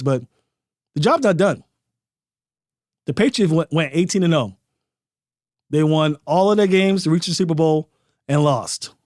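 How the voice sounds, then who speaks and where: A man's voice: a little high, darkish tone, no room sound, studio quality. A man hosting a sports podcast, giving emphatic, opinionated commentary full of rhetorical questions.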